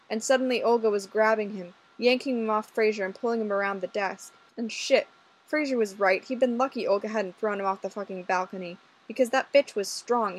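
A woman's voice: medium pitch, rough recording. Woman reading a story aloud. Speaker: audiobook reader. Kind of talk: reading fan fiction aloud.

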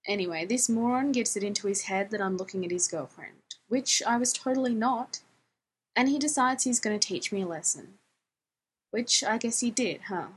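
A woman's voice: mid-range voice, moderate pace, husky, natural voice. A woman voicing a weary, bruised young man who mutters, trails off and jokes wryly. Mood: tired, sheepish.

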